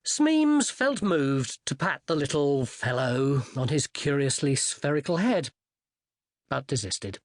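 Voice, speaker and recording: An audiobook narrator giving lively scripted narration of a comic fantasy novel. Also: medium pitch, slow, no room sound, studio quality.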